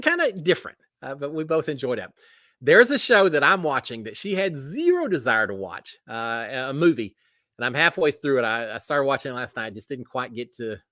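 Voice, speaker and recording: A man's voice: mid-range voice, sharp tone, no echo. A middle-aged man from the United States hosting a live stream, chatting casually and rambling with many fillers and restarts as he answers viewer comments.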